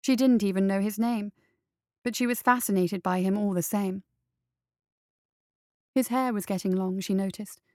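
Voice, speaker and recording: A woman narrating a story in a steady, even storytelling manner. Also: mid-range voice, moderate pace, long pauses, dry recording, studio quality. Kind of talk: audiobook narration.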